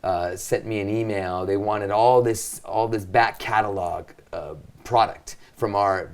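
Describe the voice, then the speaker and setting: A middle-aged man from the US–Mexico border region, casually telling an excitable, profane story in a chat and acting out the voices in his quotes. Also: on the low side, a little slow. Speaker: guest.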